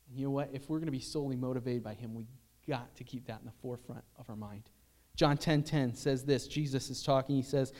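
A man's voice: medium pitch, quick pace, a little mellow. A man preaching a sermon in an earnest, conversational way, telling personal stories and asking rhetorical questions. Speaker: pastor.

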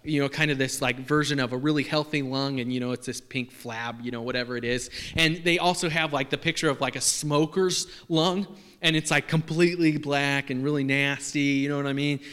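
A man's voice: medium pitch, steady tone, fairly quick, a bit bright, clean tone. A man preaching a sermon to a congregation in a casual, joking way with lots of fillers. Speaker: pastor. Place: church hall. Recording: long reverb of a large hall.

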